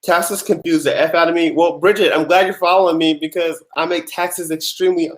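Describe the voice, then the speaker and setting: A man's voice: fairly high pitch, steady tone, brisk, few pauses. A young man, hosting a casual tax Q&A livestream, laid-back and sleepy, chatting with viewers between answers. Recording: echoey room.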